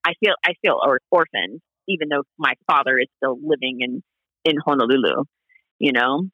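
A man who is a guest on a podcast and answers in a casual, friendly way. He is quick to laugh and agree. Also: medium pitch, no room sound, lo-fi sound.

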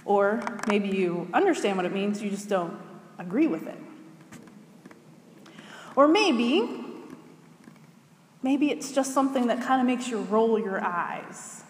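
Slow woman preacher in echoey hall. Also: mid-range voice, animated, slight background noise. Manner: measured, with rhetorical questions to listeners. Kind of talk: scripture reading then sermon. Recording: echoey hall with long reverb.

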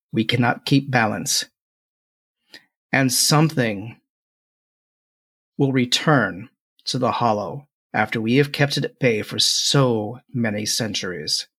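Solemn mother spirit played by the game master, slow and grave. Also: medium pitch, a bit bright, husky, heavily acted. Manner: solemn, measured.

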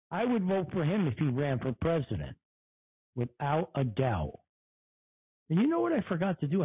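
A man with a mid-range, breathy voice hosts a casual podcast, angrily mocking and swearing through a profane livestream rant. The audio is narrow and tinny, with no room sound.

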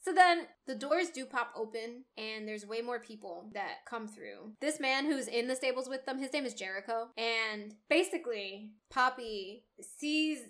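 Brief: woman co-host, high voice, lively book recap, laughs and curses a lot. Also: a little slow, hardly any pauses. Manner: animated, laughing, swears freely. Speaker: book club podcast co-host. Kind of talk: casual chat recapping a novel.

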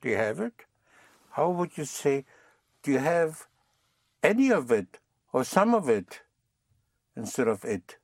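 A man's voice: medium pitch, very animated, a little slow, long pauses, no room sound, studio quality. A man teaching a language lesson, patiently prompting and repeating phrases.

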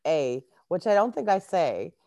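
A woman's voice: fairly low pitch, very animated, a little slow, mellow, no echo, highs cut off. A Canadian woman, a life coach, chatting casually as an interview guest and laughing often.

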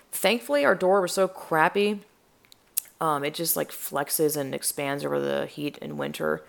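A woman's voice: low-pitched, steady tone, moderate pace, creaky. A woman chatting casually, rambling and swearing as she tells a story, with lots of fillers and restarts. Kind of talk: casual chat.

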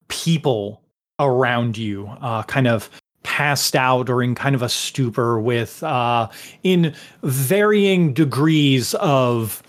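A man narrating as game master in a tabletop game, casual and rambling, with many fillers. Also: medium pitch.

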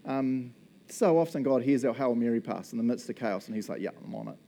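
A man preaching in a relaxed, conversational way, cracking jokes and laughing as he goes. His voice is mellow and warm, sitting at an ordinary middle pitch. He slips into playful little voices for the people in his stories. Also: fairly quick. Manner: chatty and jokey, laughs often, acts out little quoted voices. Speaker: pastor. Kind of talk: casual conversational sermon.

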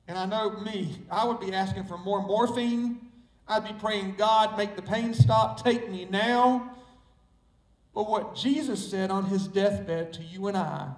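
A man's voice: high voice, darkish tone. A man with a Southern US accent preaching a sermon as pastor, stressing and repeating key words. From Southern United States. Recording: echoey room, mic far off.

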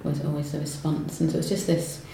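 A low, mellow-voiced woman speaks hesitantly, stopping and restarting as she explains her work, then reads poetry aloud. The room is strongly echoey, with faint noise behind her. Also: flat delivery, fast talker, vocal fry. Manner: hesitant, lots of ums and restarts when talking. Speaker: poet guest. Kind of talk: conversational interview and poetry reading. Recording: roomy echo, faint noise.

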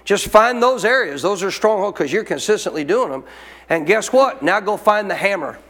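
A pastor preaches emphatically, driving points home with rhetorical questions, his high-pitched, fairly bright voice full of lively intonation at a moderate pace. A long hall reverb trails his words.

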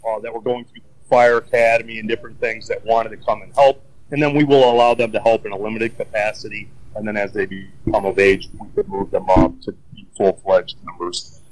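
A man who directs a county emergency agency, answering interview questions in a steady, explanatory way with frequent ums and restarts. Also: fairly low pitch, fairly quick, low-quality recording.

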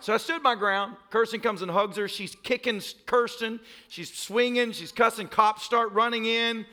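A man's voice: high-pitched, fairly even intonation, unhurried, pushed and bright. A pastor in his thirties preaching a sermon, telling a story with laughter and a voice that cracks upward. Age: 30s.

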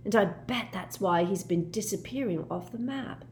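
A woman voicing an eager, determined teenage boy wizard who reasons out loud with quick excitement. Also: medium pitch, a little hiss or hum, voice pushed up, close to an everyday voice. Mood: excited. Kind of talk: audiobook character voice.

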